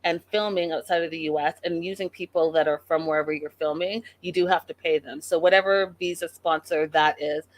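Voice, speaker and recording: A woman's voice: low-pitched, steady tone, fairly quick, hardly any pauses. A woman hosting a casual live recap show, chatting and reading viewer comments with exasperation. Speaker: podcast host recapping a reality show.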